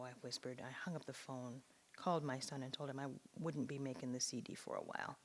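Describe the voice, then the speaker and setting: A woman, a writer, reading her own memoir piece aloud in a measured, expressive way. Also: very deep voice.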